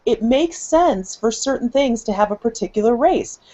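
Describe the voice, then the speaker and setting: Lively opinionated woman in lo-fi audio. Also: on the high side, normal speed. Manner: opinionated, emphatic. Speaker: panelist. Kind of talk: casual group discussion. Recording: dull lo-fi recording.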